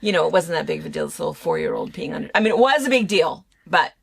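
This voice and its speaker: A woman's voice: sits low, fast talker, gravelly, breathy edge. An older woman and grandmother, chatting casually and telling funny family stories with lots of laughter. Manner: animated storytelling, laughs often. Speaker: shop owner and co-host. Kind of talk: casual chat.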